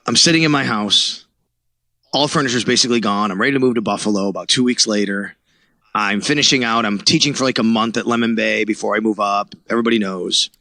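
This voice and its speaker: Fast, gravelly man telling his story. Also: on the low side, no echo. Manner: animated storyteller who acts out quotes, laughs. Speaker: guest, sports radio reporter. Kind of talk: storytelling interview.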